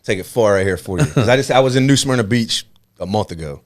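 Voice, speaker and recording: A man telling a stand-up story on a podcast, swearing freely and acting out what people said. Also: lowish voice. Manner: fast, profane, animated storytelling with acted-out quotes. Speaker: comedian guest.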